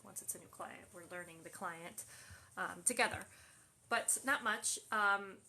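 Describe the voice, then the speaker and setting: Bright-voiced woman answering live questions. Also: medium pitch, measured pace, a little hiss or hum. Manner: reads questions aloud then answers, many fillers. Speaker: host answering viewer questions. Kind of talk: casual live Q&A. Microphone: phone livestream.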